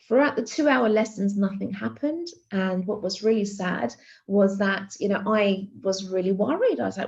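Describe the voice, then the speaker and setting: A woman's voice: medium pitch, normal speed, gravelly, a little mellow, lo-fi sound. A woman giving a conference keynote as an art teacher, telling a classroom story with many fillers and restarts. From Greece.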